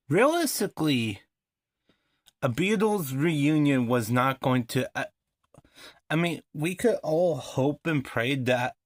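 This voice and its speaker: A man's voice: mid-range voice, dry recording, studio quality. A man rambling through his opinions on music history in a casual vlog, with lots of fillers and restarts.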